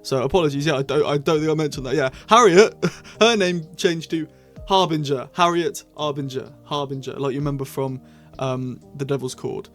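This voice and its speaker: A young man reviewing a TV series to camera in a chatty, rambling way with bursts of excitement. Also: on the high side, moderate pace, faint music behind. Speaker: TV show reviewer. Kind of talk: casual scripted review to camera.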